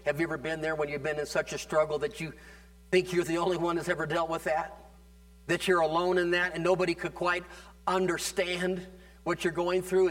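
Male pastor, fairly high-pitched, emphatic, repetitive sermon delivery. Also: fairly bright tone. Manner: emphatic preaching, drawing out key phrases and asking "amen?".

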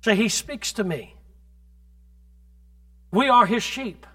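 Male preacher, high bright voice, fervent sermon style that pushes into shouting and calls out to the room. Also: animated, slow pace, long pauses. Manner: builds from conversational to fervent shouting; calls on the congregation directly.

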